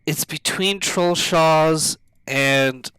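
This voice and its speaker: A male streamer thinks aloud slowly while playing, often trailing off and restarting. His voice is bright and fairly high, recorded dry and close with keyboard typing behind. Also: clear, resonant tone, no room sound. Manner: slow, musing, halting, self-talk. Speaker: game streamer. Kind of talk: casual live-stream commentary.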